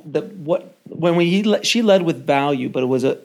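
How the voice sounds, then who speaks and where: A man with a somewhat higher speaking voice who hosts a podcast. He chimes in eagerly, gathering his thoughts aloud and restarting his sentences as he makes his point. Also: lively intonation, normal speed, slight background noise. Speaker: podcast host. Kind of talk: casual chat.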